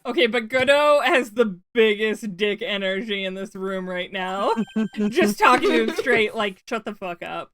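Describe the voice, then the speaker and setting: A woman's voice: mid-range voice, lively intonation, a little slow, a bit bright. A woman streamer giving crude, joking commentary in casual banter while playing a game.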